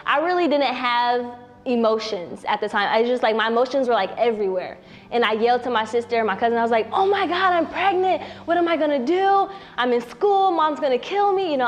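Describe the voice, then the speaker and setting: A young woman telling her personal story in a casual way, often saying "you know what I'm saying" and acting out what others said. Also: fairly high pitch. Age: young adult. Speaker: young mother interviewed on camera.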